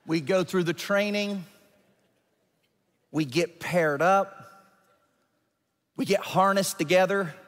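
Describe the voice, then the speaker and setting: A male pastor telling a story in a sermon, animated and building to emphatic peaks. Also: sits high, takes it slowly, long pauses. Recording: long church hall reverb.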